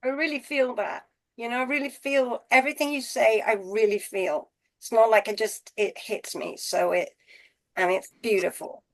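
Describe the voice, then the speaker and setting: Gushing high-voiced woman on a call. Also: steady tone, normal speed. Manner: gushing, effusive, rambling with fillers. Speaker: call participant. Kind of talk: casual group call.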